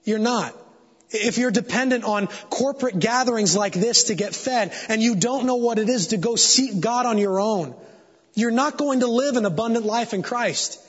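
In a church sanctuary before his congregation, a man with an extremely high, husky voice speaks at normal speed. His sermon moves from a sincere confessional story to passionate exhortation, captured with dull sound and a long, reverberant hall.

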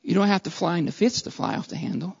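A preacher delivering a sermon in repeated, building phrases, by turns loud and fervent, then quiet and earnest. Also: medium pitch, fast talker, creaky, breathy edge, in a large hall, dull audio.

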